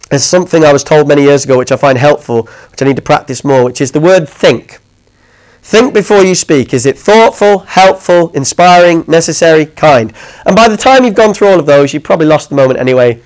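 Brief: male preacher, chatty sermon, slightly high voice, keeps asking "okay?". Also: expressive, fairly quick, rough recording. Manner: conversational, checks in with listeners often.

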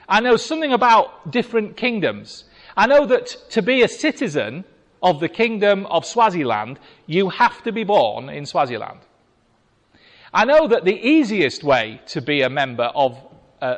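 Lively preacher in a reverberant hall. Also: male voice, a little high. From Britain. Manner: conversational, wry asides to the congregation. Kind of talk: sermon with scripture reading.

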